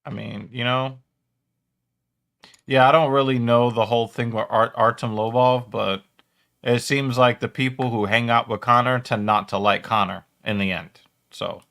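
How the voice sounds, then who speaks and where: A man's voice: mid-range voice, fairly even intonation, moderate pace, gravelly, fairly bright tone. A man co-hosting a casual watch party chat, cursing, laughing and arguing his point. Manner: profane, laughing, argumentative. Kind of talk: casual chat reacting to clips.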